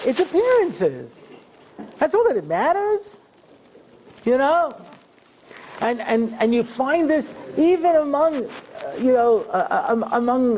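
A man giving a rabbi's Torah lecture, telling stories with humor and animated asides. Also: very high-pitched, a little hiss or hum. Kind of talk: storytelling lecture.

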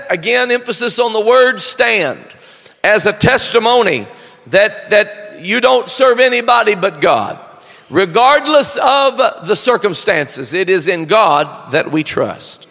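A man preaching a sermon, slow and deliberate, building up to shouted declarations. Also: high-pitched, big pitch swings, vocal fry, big-room sound, some chatter behind.

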